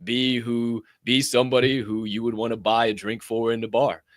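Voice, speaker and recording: Animated, foul-mouthed podcast host, man. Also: medium pitch, normal speed, no room sound, studio quality. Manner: animated, swears freely, mocking impressions. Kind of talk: casual podcast chat.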